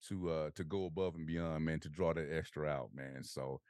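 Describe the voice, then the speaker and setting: A man's voice: rumbling low, normal speed, no room sound, studio quality. A man in his forties hosting a podcast, chatting casually and telling stories with energy. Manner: animated storytelling, laughs often, acts out quotes. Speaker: podcast host. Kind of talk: casual conversation.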